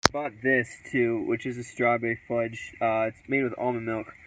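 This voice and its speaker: A man's voice: mid-range voice, level tone, moderate pace, bright, forceful tone, recorded from a distance, a little hiss or hum, poor audio. Offhand rambling male vlogger. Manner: loose, offhand, joking, with many fillers. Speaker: musician vlogger. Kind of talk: casual rambling vlog chat.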